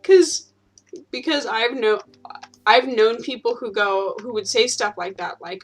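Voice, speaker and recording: A woman's voice: fairly high pitch, measured pace. A woman hosting a gaming video, chatting casually and laughing often as she plays. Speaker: gaming channel host. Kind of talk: casual chat while playing a game.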